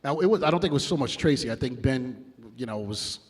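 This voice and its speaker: A New York music producer tells blunt, heavily profane stories in a casual interview, acting out the quotes. His medium-pitched voice is expressive and fast.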